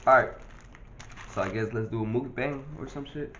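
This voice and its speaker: A man's voice: medium pitch, moderate pace, dull audio, very noisy. A young man in casual vlog chat, laid-back and full of profane street slang, filmed on a phone. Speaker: vlogger.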